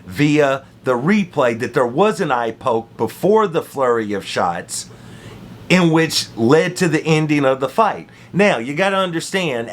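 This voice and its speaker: Male host, lively pitch, casual storytelling recap with slang, faint rumble under the voice. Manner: animated storytelling with slang and repeated phrases. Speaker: MMA commentary host. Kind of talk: casual fight recap monologue.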